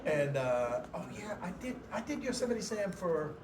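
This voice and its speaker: At a convention panel in a busy hall, an older guest voice actor chats in a rambling way, restarting sentences and laughing, with crowd noise all around. His voice sits high and swings widely in pitch at a moderate pace.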